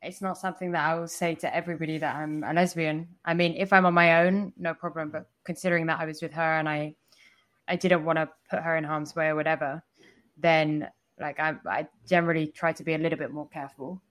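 Chatty, swearing woman with a lowish voice. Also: steady tone, fast talker, fairly bright tone. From foreigner living in India. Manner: chatty, with frequent swearing and many "like" fillers. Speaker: podcast co-host. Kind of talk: casual storytelling chat.

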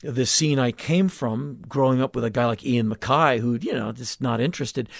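A man's voice: medium pitch, moderate pace, gravelly. A man in his fifties, a musician guest in a garage interview, telling stories bluntly and intensely with frequent restarts. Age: 50s. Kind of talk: casual interview conversation. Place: garage home studio.

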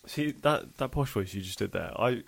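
Co-hosting a podcast, this man chats casually, animated and playful, and laughs often. His medium-pitched voice has vocal fry and moves at a normal speed.

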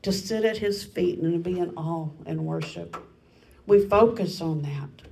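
Gravelly-voiced woman pastor preaching. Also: on the low side, a little slow, darkish tone, distant mic, slight background noise, low-quality recording. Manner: earnest and self-deprecating, laughs at herself. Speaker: family pastor. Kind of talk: sermon.

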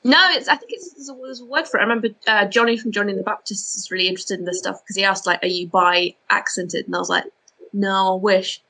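A woman's voice: mid-range voice, fairly even intonation, quick pace, bright, forceful tone, poor audio. A woman from Edinburgh with a light Scottish accent, a comedian chatting as a podcast guest, self-deprecating and full of restarts. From Scotland, Edinburgh. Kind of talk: casual podcast chat.

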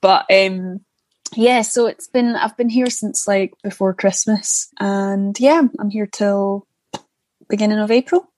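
A woman's voice: medium pitch, measured pace, darkish tone, no room sound. A young Scottish woman with a Scottish accent, an actor chatting as a guest in a casual interview, rambling with many restarts and fillers. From Scotland. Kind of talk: casual interview over a call.

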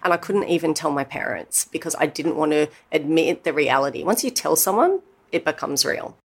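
Aussie woman in her 30s, deep voice with lots of fry, chatty and candid, keeps saying you know. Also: animated, fairly quick. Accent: Australian. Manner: open, reflective, many "you know" asides. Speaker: guest. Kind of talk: candid personal storytelling.

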